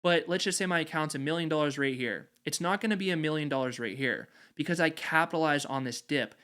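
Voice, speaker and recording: A man's voice: fairly high pitch, fast talker, pushed and bright, smooth. A man hosting an investing channel, explaining strategy over a chart in confident, emphatic, repetitive phrasing.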